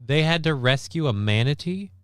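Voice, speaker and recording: A man's voice: on the high side, moderate pace, a little hiss or hum. A man hosting a stream, chatting casually with filler words. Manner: relaxed, rambling, filler-heavy. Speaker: streamer host. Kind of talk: casual chat.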